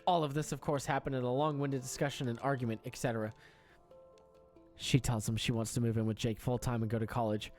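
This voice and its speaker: Deadpan male reader of internet stories, faint music bed. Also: medium pitch, quick pace. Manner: deadpan, breaks into laughter. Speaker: story reader. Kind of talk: reading an online story aloud.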